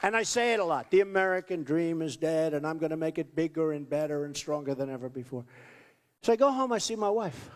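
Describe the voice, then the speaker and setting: A man's voice: on the high side, expressive, brisk, some chatter behind. Man, political candidate, rally speech, rambling and boastful, echoing big hall. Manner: rambling, boastful, repeats himself. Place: large rally venue. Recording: long reverb of a large hall.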